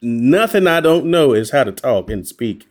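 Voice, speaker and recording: A man who is a voice actor, telling stories as a guest in a casual podcast conversation, animated and quick to laugh. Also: mid-range voice.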